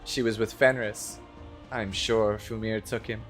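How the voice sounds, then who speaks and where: A man voicing a calm, principled young knight. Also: fairly low pitch, measured pace, soft background music, pitched below the performer's own voice, lightly acted. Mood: earnest. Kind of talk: amateur game voice-over read live on stream.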